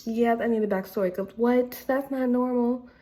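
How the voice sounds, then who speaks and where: A woman's voice: fairly high pitch, steady tone, normal speed, warm tone. A young woman ranting casually to camera, blunt and exasperated, with lots of filler words. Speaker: vlogger.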